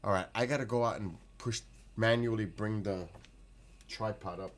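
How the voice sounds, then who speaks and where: Give me a man with a somewhat low voice, casually hosting a livestream and reading chat aloud. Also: moderate pace, a little hiss or hum. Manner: excitable, frequent exclamations and laughter. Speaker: livestream host.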